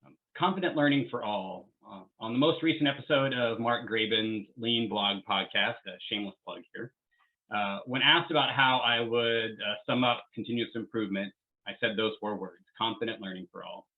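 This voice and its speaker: A man giving a short presentation over a video call, opening quickly and with enthusiasm. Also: medium pitch. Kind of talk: lightning presentation. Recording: tinny phone-like audio.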